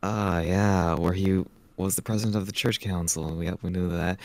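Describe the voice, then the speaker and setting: Casting: male co-host, lowish voice, plain steady reader. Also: normal speed, no room sound. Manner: plain reading with "uh" fillers. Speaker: podcast co-host. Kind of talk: casual podcast, reading notes.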